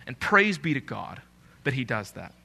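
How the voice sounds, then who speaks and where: A man preaching a live sermon as a pastor in a church, joking with the congregation and repeating key phrases slowly for emphasis. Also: medium pitch, very animated, creaky, pushed and bright, slightly rough.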